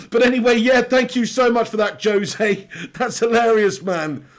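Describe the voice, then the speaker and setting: A man's voice: extremely high pitch, moderate pace. A man with a sore throat hosting a live football watch-along, reading out and bantering with viewer messages with frequent laughs. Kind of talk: live stream chat reading.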